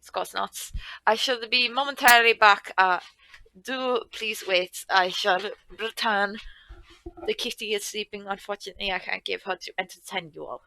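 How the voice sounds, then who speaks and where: A woman's voice: medium pitch, fairly even intonation, normal speed, gravelly, sharp tone, no room sound, low-quality recording. Woman streamer in a mock German accent. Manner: put-on stereotypical German accent; formal, slightly stilted phrasing. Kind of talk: casual chat while gaming.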